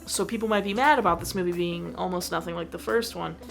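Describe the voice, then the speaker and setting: A young woman talks through a movie she loves in a casual, emotional review. Her voice sits fairly low with a gravelly fry, and she leans on "like" constantly as she gushes. Faint music plays behind her. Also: fast. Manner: gushing and emotional, many "like" fillers.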